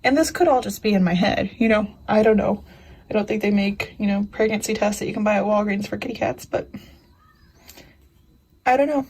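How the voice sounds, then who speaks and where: A woman's voice: medium pitch, a little fast, long pauses, darkish tone, slightly rough, low-quality recording. A young woman chatting casually to her viewers as a craft vlogger, rambling from one story to the next with plenty of filler. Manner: chatty, rambling storyteller with frequent "you know" and laughs. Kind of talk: casual chat.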